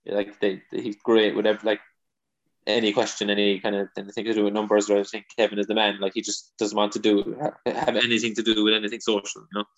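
A man's voice: lowish voice, completely flat delivery, quick pace. Rambling Kerry man, dull audio. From Ireland. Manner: rambling, full of restarts and "you know". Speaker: comedian guest. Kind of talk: casual interview chat.

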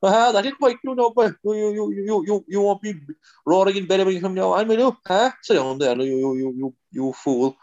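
A man voicing a nosy, chatty old rural man with a Kerry accent, his voice raised high and full of stammered repeats. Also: fairly quick, darkish tone, muffled recording, lightly acted. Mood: scolding. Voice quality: shrill and stammering, lots of repeated words.

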